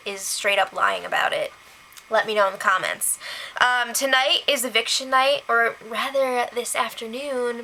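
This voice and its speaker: A woman's voice: fairly high pitch, pushed and bright, a little hiss or hum, low-quality recording. Giggly chatty young woman vlogger. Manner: chatty, giggly, heavy use of "like". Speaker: reality show recap vlogger. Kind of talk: casual recap chat.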